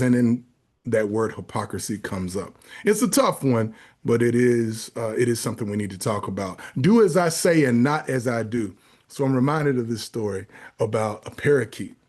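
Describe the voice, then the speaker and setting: A man co-hosting a podcast, telling a story in a casual, animated way and acting out the voices in his joke. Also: mid-range voice. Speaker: podcast co-host, child advocate.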